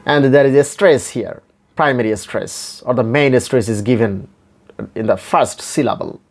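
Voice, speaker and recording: A man teaching pronunciation, repeating each word slowly and spelling it out letter by letter. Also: mid-range voice, gravelly, a little mellow. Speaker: English phonetics teacher. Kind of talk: slow pronunciation lesson.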